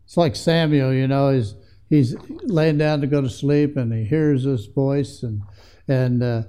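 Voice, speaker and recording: A man's voice: mid-range voice, steady tone, a little slow, dark tone, clear, resonant tone. A man preaching a sermon in an earnest way that builds to emphatic passages.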